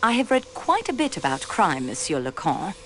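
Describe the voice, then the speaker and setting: A young woman railway clerk turned detective questions suspects in video game voice acting, polite and probing with French courtesies. At normal speed, her mid-pitched voice rises and falls very lively, a faint hiss underneath in low-quality recording.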